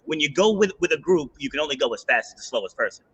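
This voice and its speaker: A man's voice: on the high side, very fast, slightly rough, rough recording. A middle-aged man hosting a podcast, telling a story in casual conversation and acting out what people said. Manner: animated storyteller, acts out quotes. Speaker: podcast host and fitness coach.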